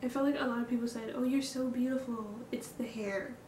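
A young woman vlogger speaks openly to camera, reflective and hesitant, breathing hard from nerves and candid with fillers and sighs. Her voice is on the high side, steady, fairly quick and a little mellow. The room is echoey, the mic distant, with background noise.

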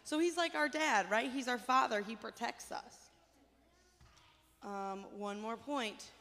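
A woman's voice: on the high side, slow, sharp tone. A woman leading a children's chapel talk, calling on kids by name and coaxing them to repeat lines back to her. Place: school chapel or church hall. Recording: hall reverb.

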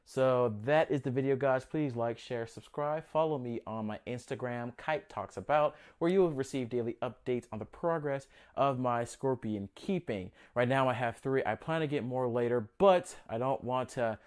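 A man's voice: mid-range voice, normal speed, hardly any pauses, smooth. A young man casually narrating a home vlog as he handles his pets, chatty and a little nervous. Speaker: pet keeper vlogger.

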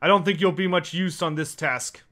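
A man voicing a blunt, pipe-smoking male dwarf foreman in a tabletop game, talking in a gruff, curt, folksy way. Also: on the high side, moderate pace, fairly bright tone, close to an everyday voice.

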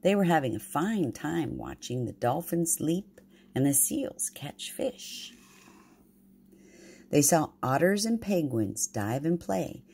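An older woman, a grandmother, reading a storybook aloud to her grandchildren in an affectionate, expressive way. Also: low voice, unhurried, vocal fry, slightly rough.

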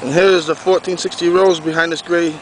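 A man's voice: a little high, flat delivery, a little fast, slight background noise, low-quality recording. A man giving a rambling, casual walking tour of his pumpkin garden outdoors to a handheld camera. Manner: rambling, repeats himself, talks to the camera while walking. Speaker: pumpkin grower.

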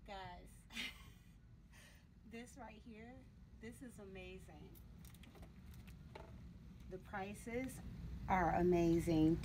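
A woman's voice: medium pitch, noisy background. A woman vlogging a walk through a large store, talking to her viewers in a gushing, exclamatory way while someone else holds the camera. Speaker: vlogger and product owner. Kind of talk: casual store walkthrough vlog. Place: large retail store, indoors. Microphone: camera held by another person.

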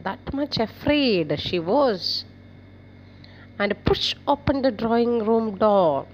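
A woman teacher explaining a story to a class, retelling each line and defining hard words, with pauses and fillers. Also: a little high, expressive, slight background noise, poor audio.

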